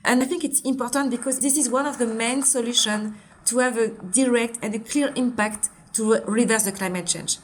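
A woman's voice: fairly high pitch, brisk, slight background noise. A woman in her forties with a French accent, a brand founder explaining her products in an interview in an earnest, step-by-step way. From Martinique. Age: 40s.

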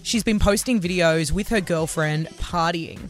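A woman's voice: lowish voice, moderate pace, soft background music. A woman doing entertainment news on a radio show, chatty and opinionated. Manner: chatty, opinionated, laughs easily. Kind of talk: casual radio chat.

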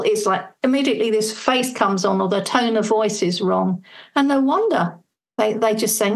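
A woman's voice: a little high, normal speed, poor audio. A woman, a parenting coach speaking as a guest in a podcast interview, earnest and fluent, explaining with acted-out everyday examples. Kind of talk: conversational advice in a podcast interview.

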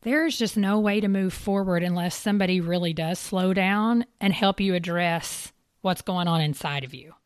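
A woman's voice: lowish voice, normal speed, smooth, no room sound, clean studio sound. A woman hosting a casual interview, earnest and affirming, chiming in with agreement. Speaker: podcast host.

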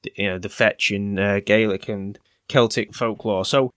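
A man's voice: on the low side, steady tone, moderate pace, fairly bright tone, clean tone, dry recording, studio quality. A man with a Northern English accent co-hosting a podcast in casual, rambling chat. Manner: rambling, chatty, with fillers and restarts. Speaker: podcast co-host.

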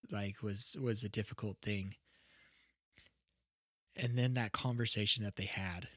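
A man recapping his tabletop campaign in a rambling, reflective way, often restarting his sentences. His voice sits at an average pitch, and the recording is dry and close. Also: fairly bright tone, no room sound. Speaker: game master.

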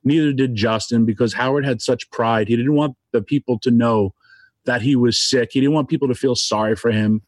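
A tearful man giving an emotional tribute, halting and restarting as his voice catches. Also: medium pitch, fairly even intonation, no echo. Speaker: guest speaker.

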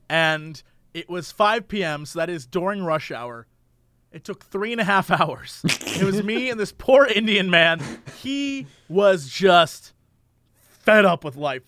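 A young man co-hosting a casual podcast, playful and quick to react with jokey asides. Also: sits high, pushed and bright, no echo. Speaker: podcast co-host. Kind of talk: casual chat.

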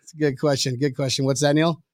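Excitable high-voiced man hosting a podcast. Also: fast, very noisy. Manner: excitable, rambling, laughs often. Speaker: podcast host. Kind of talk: casual sports podcast chat.

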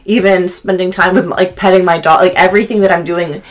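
A woman's voice: fairly low pitch, steady tone, a little fast. A young woman co-hosting a podcast in a casual, reflective way, with many "like" and "um" fillers. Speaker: podcast co-host.

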